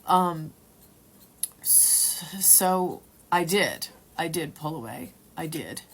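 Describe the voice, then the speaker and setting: A woman at home telling a personal story in a rambling, halting way, sometimes dropping to a whisper. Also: low voice, expressive, a little hiss or hum. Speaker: testimony speaker.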